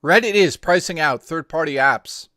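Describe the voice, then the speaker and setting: A man's voice: fairly high pitch, moderate pace, sharp tone, no echo, studio quality. A man co-hosting a casual livestream, chatting in an offhand, joking and profane way. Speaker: co-host.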